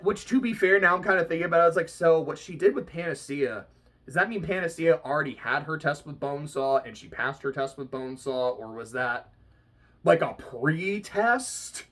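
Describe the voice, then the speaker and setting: A reaction vlogger talking casually about a book they are reading, animated, often laughing and swearing casually. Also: mid-range voice, moderate pace.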